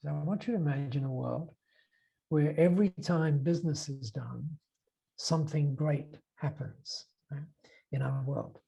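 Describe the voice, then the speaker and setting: A man's voice: on the high side, normal speed, creaky, dark tone, slightly rough. A man with an Australian accent, a podcast guest recounting an anecdote, with many fillers and acted-out dialogue. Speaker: interview guest. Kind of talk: storytelling in a podcast interview.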